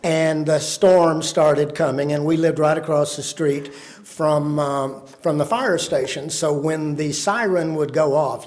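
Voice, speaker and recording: A man from spins a humorous story to a live audience. His voice sits a little high, and his delivery is dramatic and dry. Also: darkish tone. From Texas. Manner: folksy, dramatic, wry.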